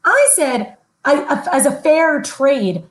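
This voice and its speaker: A woman's voice: high voice, sing-song, slow pace, poor audio. A young woman co-hosting a podcast, chatting in an upbeat, giggly way. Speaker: podcast co-host. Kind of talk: casual podcast chat.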